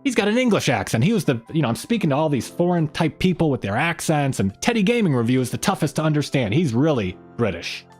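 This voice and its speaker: Man with a lively, swooping voice. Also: on the high side, quick pace, few pauses, husky, soft background music. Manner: rambling, greets viewers in the chat by name. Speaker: livestream host. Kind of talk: casual livestream chat.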